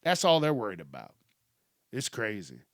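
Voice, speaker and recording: A man's voice: fairly low pitch, huge pitch swings, moderate pace, a bit bright, no room sound, studio quality. A man hosting his own podcast, rambling casually and profanely, amused at himself. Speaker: podcast host. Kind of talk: casual solo rant.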